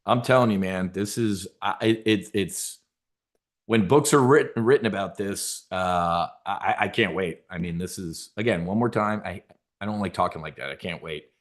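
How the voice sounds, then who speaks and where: A man's voice: lowish voice, moderate pace. A man hosting a trading show, talking in a rambling, casual way with many repeated words and asides to his viewers. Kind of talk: casual market commentary.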